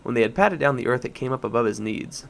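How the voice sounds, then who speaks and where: A man narrating a children's storybook in a measured, expressive reading. His voice is of middle pitch with a noticeably gravelly, creaky texture. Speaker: audiobook narrator.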